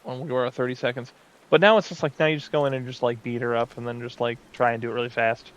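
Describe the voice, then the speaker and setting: A man's voice: medium pitch, fairly even intonation, fast talker, clean tone, highs cut off. A man giving casual, rambling commentary while playing an online game, full of fillers and asides. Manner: rambling, chatty, many fillers. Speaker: gaming video host.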